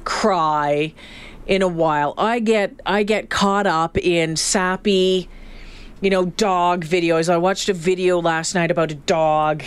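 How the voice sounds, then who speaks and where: A woman with a lowish, clean voice co-hosts a radio talk show, chatting casually on air and reading out survey figures.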